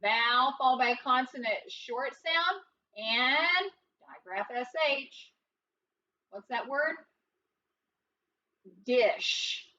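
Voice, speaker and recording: A woman's voice: high-pitched, expressive, takes it slowly, pauses often, bright, forceful tone, recorded from a distance, muffled recording, slight background noise. A woman teaching a recorded phonics lesson, explaining step by step in a patient, encouraging, sing-song way.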